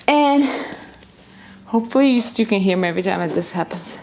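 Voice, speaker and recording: A woman's voice: fairly high pitch, brisk, noisy background. A woman fitness instructor leading a live home workout class, calling out exercises and cues energetically, sometimes out of breath. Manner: energetic coaching cues, counting down. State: out of breath at times. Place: home, near a busy street.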